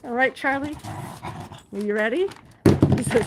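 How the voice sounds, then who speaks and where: A woman's voice: high voice, lively intonation, unhurried, pauses often. A woman live streaming from her living room, chatting casually, reading viewer comments and talking to her dog. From Alaska. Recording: noisy home recording.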